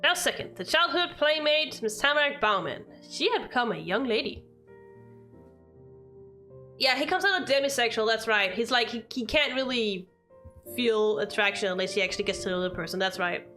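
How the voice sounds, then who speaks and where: A woman's voice: a little high, animated, moderate pace, pushed and bright, faint music behind. A young woman streaming a visual novel, reading the story text aloud and chatting casually with a friend, laughing often.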